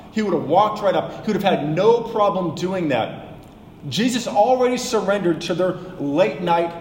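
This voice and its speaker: Guy preaching in a big echoey hall, highish voice, slows down to stress points. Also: darkish tone, a little hiss or hum. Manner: measured, explanatory, slows for emphasis. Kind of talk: Bible teaching sermon.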